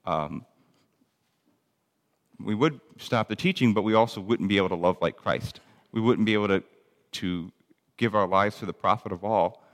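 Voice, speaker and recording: A man's voice: fairly low pitch, normal speed, pauses often, long reverb tail. A man teaching a Bible lesson in a conversational way, reading verses aloud between plain explanations with frequent ums and restarts.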